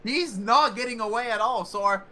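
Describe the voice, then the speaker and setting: Excitable high-voiced race commentator, man. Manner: energetic, quick bursts of excitement.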